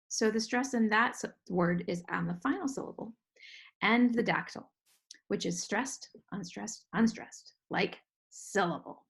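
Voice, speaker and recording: A woman with a slightly high voice leads a children's songwriting lesson. She explains patiently and clearly, sounding out the beats of words as she goes. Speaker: music teacher. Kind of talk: online music lesson for children.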